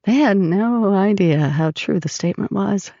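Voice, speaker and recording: Gravelly woman narrating an audiobook. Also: mid-range voice, normal speed, mellow, no room sound. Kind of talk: first-person audiobook narration. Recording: dry, slightly dull recording.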